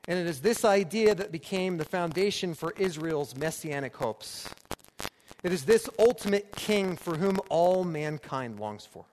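Male preacher, slightly high voice, emphatic repetition, long reverb and faint hiss. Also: animated, measured pace, darkish tone. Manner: emphatic, repeating phrases for rhetorical build. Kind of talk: sermon.

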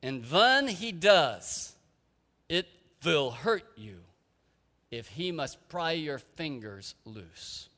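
Slow wise old dutch woman with a thick dutch accent, a preacher doing her voice, bright tone, big echoey hall. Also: on the high side, sing-song, exaggerated voice. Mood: earnest counsel. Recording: echoey hall with long reverb.

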